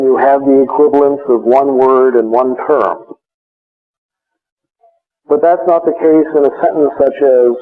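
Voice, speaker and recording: Male lecturer, mid pitch, patient and explanatory, thin phone-like audio. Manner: measured, explanatory, frequent uh fillers. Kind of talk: classroom lecture on logic. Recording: tinny phone-like recording.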